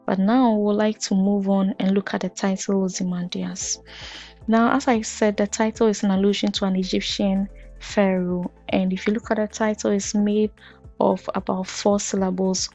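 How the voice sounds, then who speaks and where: A woman teaching a poetry lesson for exam students, explaining step by step in a measured way with occasional fillers. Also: medium pitch, little pitch movement, dark tone. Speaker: literature teacher. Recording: dull lo-fi audio with faint music.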